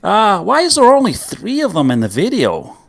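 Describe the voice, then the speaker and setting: A man putting on a Canadian accent to mimic an excitable young man reacting to a video, gushing and incredulous. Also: high voice, normal speed, gravelly, husky, voice pushed up, heavily acted.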